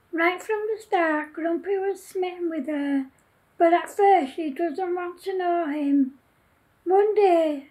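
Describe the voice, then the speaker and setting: A woman reads her own children's story aloud. Her voice is very high and mellow, and she reads slowly and steadily. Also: rough recording.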